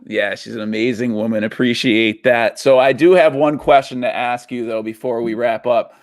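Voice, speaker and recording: A man's voice: medium pitch, fairly even intonation, normal speed, no echo. A man hosting an interview show over a video call, upbeat and full of praise. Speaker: podcast host. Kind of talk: interview talk.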